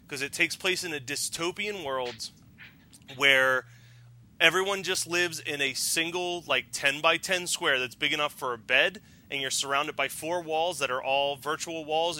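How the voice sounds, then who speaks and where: Bright, excitable male podcaster. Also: fairly high pitch. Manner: excited, rambling, profane. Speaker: podcast co-host. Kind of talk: casual podcast chat.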